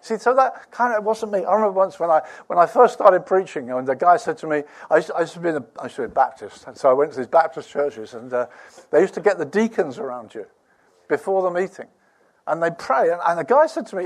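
A man preaching a sermon, lively, laughing at his own stories, swinging from soft asides to loud emphasis. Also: on the high side, quick pace. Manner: animated, dropping to near-whispers and rising to loud emphasis, laughs while preaching.

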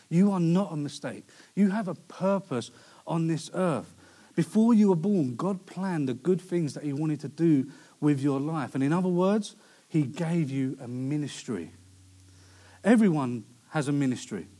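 A man's voice: fairly high pitch, mellow. Man preaching a casual sermon. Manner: conversational preaching with storytelling asides.

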